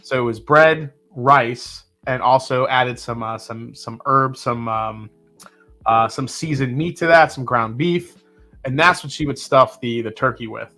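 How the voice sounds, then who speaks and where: A man with a mid-range voice hosts a live whiskey tasting at a measured pace, soft music playing behind him. He chats casually and reads out viewer comments, relaxed and talkative, with fillers and the odd sip.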